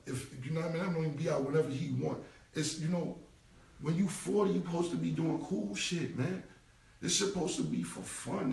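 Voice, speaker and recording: A man, ranting on a casual live stream. His speech is blunt and repetitive, with a gravelly, slightly high voice. He sits a little off the mic in a roomy space. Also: a little mellow, recorded from a distance. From United States. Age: 40s. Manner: blunt, repetitive street talk. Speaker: rapper. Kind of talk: casual Instagram live rant.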